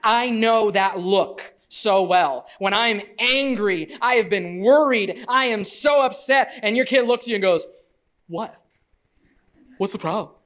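A woman teaching a conversational Bible lesson as a parent, animated and lively, acting out the people she quotes. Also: on the high side, unhurried, few pauses. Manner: parent speaking from family life.

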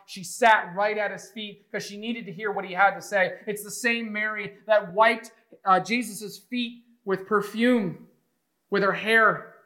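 A man retelling a Bible story in an emotive, conversational way, moving from hushed to excited. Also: high-pitched, rough recording.

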